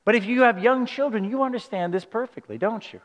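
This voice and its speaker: A man's voice: high voice, a little fast. A man preaching a sermon in an earnest style, asking rhetorical questions and building to emphatic points. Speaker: pastor. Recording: long hall reverb.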